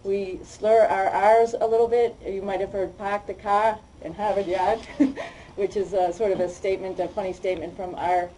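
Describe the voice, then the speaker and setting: A woman from Boston with a Boston accent, giving a fast, chatty public talk to an audience as a guest speaker. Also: mid-range voice, fairly even intonation, warm tone, distant mic, slight background noise, low-quality recording. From Boston, United States. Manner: fast-talking, chatty, self-deprecating.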